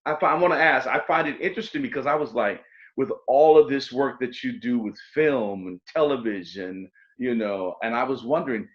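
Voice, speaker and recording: A man's voice: medium pitch, fairly quick. A man in his fifties hosting an interview, asking questions and speaking candidly and reflectively. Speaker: host. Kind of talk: conversational interview. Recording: dull lo-fi audio.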